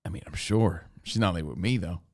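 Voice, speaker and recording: A man's voice: low-pitched, brisk, a little mellow. A man co-hosting a talk show, chatting in a laid-back, matter-of-fact way. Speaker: radio show co-host, parent. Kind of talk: casual banter.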